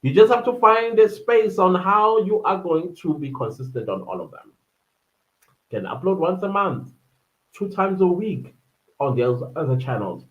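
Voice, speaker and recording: A man hosting a casual livestream, reading out viewer comments and often breaking into laughter. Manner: chatty and warm-hearted, often laughing, quick shifts up in pitch. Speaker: livestream host. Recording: muffled lo-fi livestream audio.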